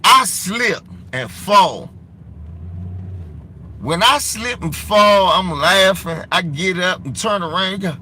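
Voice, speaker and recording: Bright-voiced D.C. man telling a story. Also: high-pitched, animated, slow pace, long pauses, a little hiss or hum. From Washington, D.C. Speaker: podcast guest. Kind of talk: animated storytelling.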